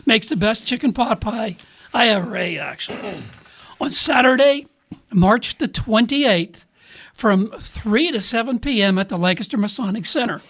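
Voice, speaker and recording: A man's voice: high-pitched, animated, unhurried, fairly bright tone. A man hosting a podcast in a small studio, making playful announcements and thanking his team. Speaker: podcast host. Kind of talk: casual chat.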